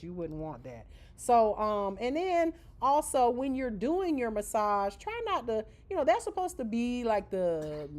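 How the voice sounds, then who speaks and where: A nail school instructor with a lowish, darkish voice teaches a live beginner manicuring class, with a slight hiss or hum audible. Chatty and casual, she demonstrates with her hands and asks "okay?" after nearly every point.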